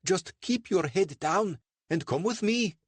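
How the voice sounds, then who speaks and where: Man doing a high, urgent local helper. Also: expressive, takes it slowly, husky, no echo, heavily acted.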